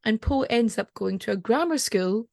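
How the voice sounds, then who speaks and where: A woman's voice: a little high, lively intonation, normal speed, vocal fry, a little mellow, no room sound, clean studio sound. A Scottish woman hosting a podcast in casual chat. She is chatty and digressive and laughs often. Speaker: podcast host.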